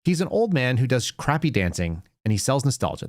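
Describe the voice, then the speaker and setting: A man's voice: medium pitch, very animated, fairly quick, darkish tone, no room sound, studio quality. A man hosting a political commentary show, ranting with sarcastic asides. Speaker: show host.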